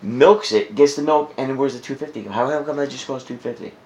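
A man's voice: mid-range voice, quick pace, a little mellow. A man co-hosting a podcast, a crude, goofy joker who laughs often in casual chat. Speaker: podcast co-host.

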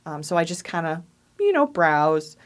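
A woman's voice: low voice, very animated, normal speed. Laughing woman telling ghost stories. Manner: laughs often, acts out quoted voices. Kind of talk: casual storytelling chat.

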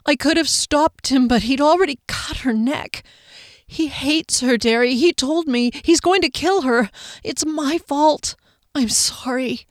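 A young male elf, tearful and guilt-ridden, his voice pitched high and pleading, as a woman reader plays him. His words spill out in distress in this storybook reading. The sound is dry and close. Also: lively intonation, fairly quick, few pauses, no room sound, lightly acted. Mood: distraught.

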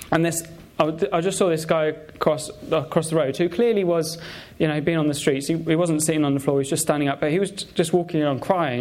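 A man preaches in a relaxed, conversational way. He pauses often and restarts his phrases, with lots of fillers. His voice sits a little higher than most men's. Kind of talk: sermon with personal stories.

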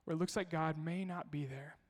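A male pastor preaches with a fairly high, steady-toned voice at a slightly fast pace. He recounts family stories conversationally and poses rhetorical questions to the congregation, with long hall reverb on the recording.

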